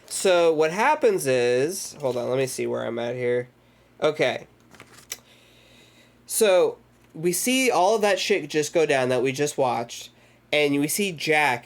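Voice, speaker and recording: Man, slightly high voice, casual streamer, rambly and sweary, recaps a movie live. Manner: rambling, profane, loose retelling with acted-out quotes. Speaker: streamer hosting a movie club.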